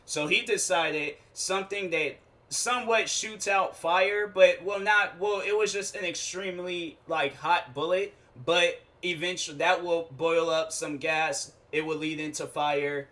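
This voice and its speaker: A man hosts his own show in a loose comic monologue, his voice bright and forward, sitting a little above the usual male pitch. He rambles, restarts his sentences, and drops casual slang as he spins out a story. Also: steady tone, unhurried. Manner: slangy, informal talk. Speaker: show host.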